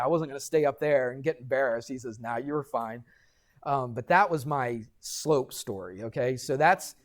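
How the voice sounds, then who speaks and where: A middle-aged man, a math teacher, telling a story to his class and lecturing in an animated way, checking in with students as he goes. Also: on the high side. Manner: animated, addresses students directly with frequent "right?".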